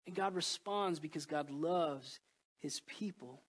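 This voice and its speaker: Earnest high-voiced male pastor. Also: measured pace. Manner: earnest, emotional, swings between loud and hushed. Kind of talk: sermon.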